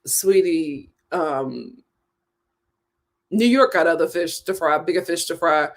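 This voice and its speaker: A woman's voice: deep voice, animated, slow. A woman hosting a casual live stream, chatting emphatically, repeating her points and reading viewer comments aloud. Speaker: host of a reality TV chat stream.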